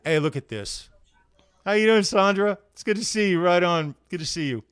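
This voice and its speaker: Here a man's high-pitched, expressive voice comes through clear and resonant at a moderate pace, with a fairly bright tone and clean, echo-free studio sound. He is hosting a laid-back live show, greeting viewers individually in a friendly way while sounding drained from heavy labor.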